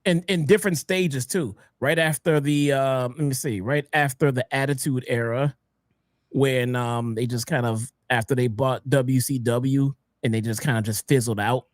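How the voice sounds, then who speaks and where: A man co-hosting a casual wrestling podcast, laid-back and hesitant, often pausing with "um". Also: mid-range voice, steady tone, no echo, studio quality. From Chicago area. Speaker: podcast co-host.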